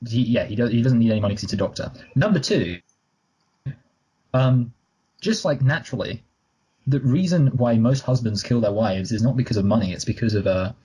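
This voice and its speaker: A man's voice: mid-range voice, a little fast, dark tone, slightly rough, poor audio. A man co-hosting a casual movie review chat, rambling and correcting himself, with joking asides. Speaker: podcast co-host.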